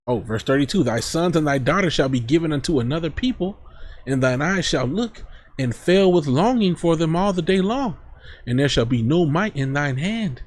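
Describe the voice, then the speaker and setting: Husky man preaching from scripture. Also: a little high, animated, normal speed. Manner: reads scripture aloud then comments in casual street talk. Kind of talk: scripture teaching.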